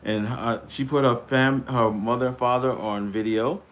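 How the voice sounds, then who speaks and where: A man's voice: medium pitch, steady tone, moderate pace, fairly bright tone. A middle-aged man hosting a casual live-stream chat, talking in a loose, rambling way and laughing easily. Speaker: host.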